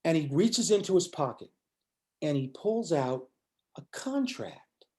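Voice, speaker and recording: A man's voice: on the high side, measured pace. An older man, a musician guest in an interview, telling a story and acting out the lines of the people in it. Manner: animated storyteller acting out quotes.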